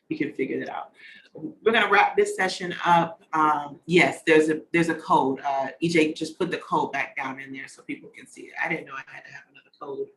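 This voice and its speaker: A man's voice: on the high side, fairly bright tone, slight background noise, rough recording. A man hosting an online conference over a video call, chatty and slangy, drifting off on tangents as he talks. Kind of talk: casual talk on a video call.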